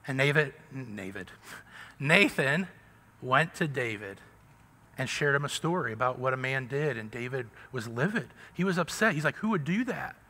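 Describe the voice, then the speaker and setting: Animated conversational preacher in a reverberant hall. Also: male voice, mid-range voice, moderate pace. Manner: conversational preaching, keeps asking "right?". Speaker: pastor. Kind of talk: sermon. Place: church sanctuary.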